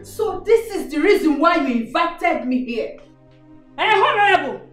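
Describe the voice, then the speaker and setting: An actress playing a furious, jealous politician's wife who shrills with indignation. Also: female voice, extremely high pitch, expressive, measured pace. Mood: outraged. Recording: echoey room, music under.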